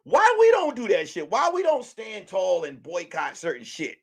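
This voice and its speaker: A man's voice: high voice, wildly swooping pitch, moderate pace. A man hosting a casual livestream commentary, joking and acting out quotes in mock voices. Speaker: livestream host.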